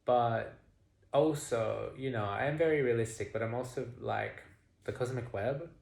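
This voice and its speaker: A young man vlogging a candid confessional monologue, swearing freely and swinging between murmurs and loud outbursts. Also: medium pitch, normal speed, gravelly.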